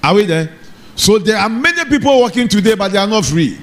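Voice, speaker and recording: A man's voice: sits high, big pitch swings, fairly quick, a bit bright. A man preaching a sermon in church, often calling out to the congregation for an amen. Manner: call-and-response preaching, asks the congregation for amen. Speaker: pastor.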